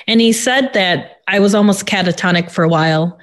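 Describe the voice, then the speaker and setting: A woman in an interview who gives a personal account in a halting, subdued way, with many pauses and fillers. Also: mid-range voice. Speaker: interview guest.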